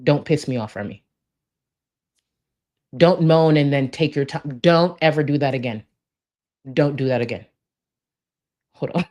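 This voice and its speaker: A woman's voice: deep voice, a little slow, long pauses, a little mellow. A woman giving blunt, profane reaction commentary in an exasperated way.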